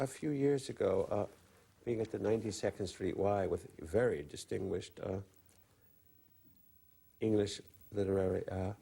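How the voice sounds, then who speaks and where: An older man speaks in a gravelly, husky low voice, dark and mellow in tone. He talks haltingly, with frequent pauses and stammered restarts. It sounds like a call-in interview broadcast. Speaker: interview guest, literary critic.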